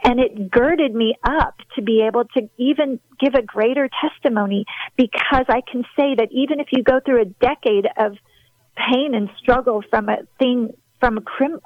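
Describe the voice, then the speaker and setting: Woman guest, ministry leader, earnest and preacherly, fairly high voice, dry remote recording. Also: no room sound, narrow, tinny audio. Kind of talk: heartfelt faith conversation.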